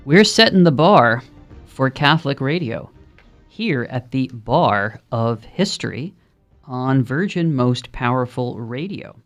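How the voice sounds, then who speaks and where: A man's voice: medium pitch, animated, takes it slowly, soft background music. A man with a Brooklyn accent hosting a call-in radio talk show, speaking in a conversational, rambling way with frequent ums and uhs. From Brooklyn, New York.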